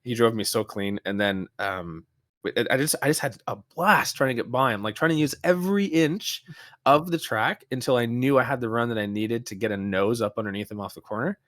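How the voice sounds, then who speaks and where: A man co-hosting a podcast in casual chat, telling stories in an animated way with lots of restarts and fillers. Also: mid-range voice, fairly quick, dry recording, clean studio sound. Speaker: podcast co-host.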